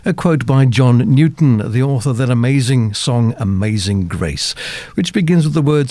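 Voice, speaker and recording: A man hosting a talk show, reading a scripted introduction and interviewing a guest in a measured presenting voice. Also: mid-range voice, very animated, darkish tone, no echo.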